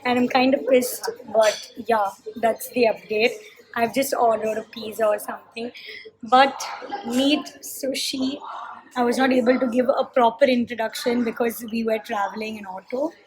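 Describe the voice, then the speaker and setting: A woman's voice: on the high side, steady tone, moderate pace, slight background noise, rough recording. A young woman and college student, chatting casually to her viewers in a vlog and filming on a handheld phone. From Chennai, India. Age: young adult. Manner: chatty, talks straight to viewers with fillers. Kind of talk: casual vlog talk to camera.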